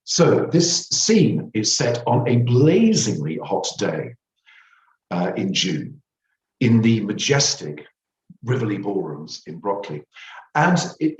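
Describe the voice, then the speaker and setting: A man reading aloud from his own memoir in a wry, theatrical storytelling manner. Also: on the low side. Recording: roomy, distant mic.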